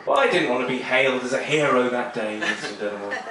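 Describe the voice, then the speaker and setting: A man doing a stand-up comedy set on a small club stage, rambling and self-deprecating with a deadpan delivery. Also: medium pitch, quick pace. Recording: echoey club, mic heard from far, noisy.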